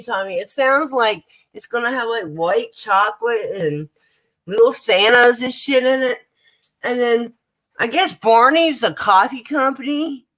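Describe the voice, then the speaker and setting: A woman's voice: sits high, fairly bright tone. American lady vlogging live, chatty and cussing, talks right to her viewers. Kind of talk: casual live-stream chat.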